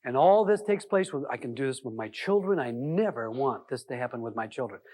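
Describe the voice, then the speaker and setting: A man's voice: mid-range voice, lively intonation, a little fast, a little mellow. A man giving a live relationship seminar, telling stories and acting out the dialogue in them, with many "uh" fillers. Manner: storytelling, acting out quoted dialogue; conversational, with frequent "uh" fillers. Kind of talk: live seminar talk to an audience.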